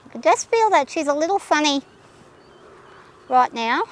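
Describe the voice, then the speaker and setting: Woman, high-pitched, anxious, rambling thoughts, calming her horse, outdoors on horseback. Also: moderate pace. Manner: anxious, thinking aloud, soothing her horse. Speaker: horse rider vlogger. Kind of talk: casual narration while riding. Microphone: camera held by a companion.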